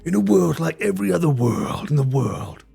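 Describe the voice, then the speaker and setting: A man putting on a male movie trailer announcer voice, slow and dramatic. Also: fairly high pitch, very animated, creaky, dark tone, slightly rough, soft background music, full character voice.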